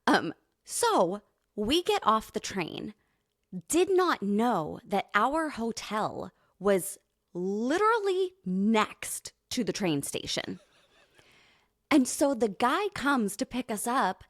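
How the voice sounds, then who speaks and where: An animated American woman from California tells stories on a podcast, her pitch jumping around as she laughs through them. The sound is dry and close, with no room around her voice. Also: slow pace, dry recording. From California, USA. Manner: animated storyteller, laughs often. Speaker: guest co-host. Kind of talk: casual podcast chat.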